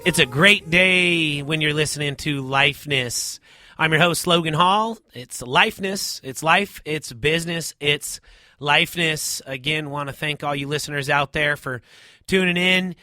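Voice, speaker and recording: Bright-voiced guy hosting a talk show, super upbeat, dry close sound. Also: a little high, a little slow, dry recording. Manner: enthusiastic, promotional, positive. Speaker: podcast host.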